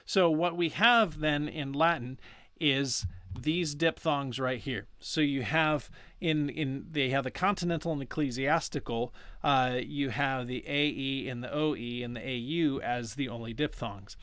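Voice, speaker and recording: A man teaching pronunciation in a relaxed, chatty way, pausing to correct himself and stretching vowel sounds out for his listeners. His voice sits in a middle range and is recorded close, with no room sound around it. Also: medium pitch, clear, resonant tone, no echo. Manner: chatty, self-correcting, drawing out sounds slowly to demonstrate. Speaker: language teacher. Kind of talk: casual instructional explanation.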